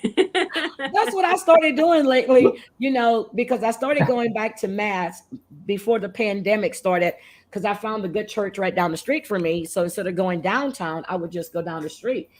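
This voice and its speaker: A woman's voice: mid-range voice, normal speed. A middle-aged woman moderating a livestream chat, telling stories and laughing at her own jokes.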